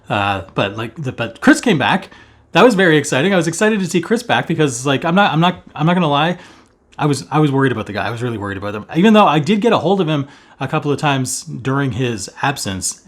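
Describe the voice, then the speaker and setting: A man hosting a casual vlog at home, joking and talking fast in a theatrical, self-mocking way. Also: medium pitch. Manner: hammy, playful, fast-talking. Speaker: cross-stitch vlogger host. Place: at home, indoors. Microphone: camera facing him while seated.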